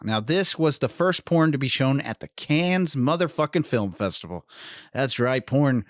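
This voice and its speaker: A man's voice: mid-range voice, expressive, a little slow, no room sound, clean studio sound. A man co-hosting a film podcast, rambling and profane, with restarts and laughs. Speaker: podcast co-host. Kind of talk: casual film podcast chat.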